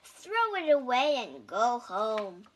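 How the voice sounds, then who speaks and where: A woman voicing a flock of small jeering robins in a storybook reading, high and loud. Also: sing-song, slow, full character voice.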